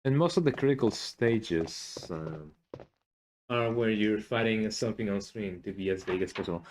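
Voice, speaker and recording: A man's voice: fairly low pitch, moderate pace, a little mellow, a little hiss or hum. A young man, casually commenting as he plays a game and rambling on with "eh?" tags. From Mexico. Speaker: gaming streamer.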